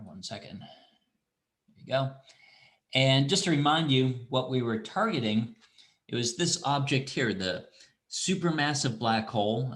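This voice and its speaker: A middle-aged man teaching an online astronomy class, talking in a relaxed, rambling way with restarts and asides. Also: mid-range voice. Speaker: university astronomy instructor. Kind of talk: online lecture with screen demo.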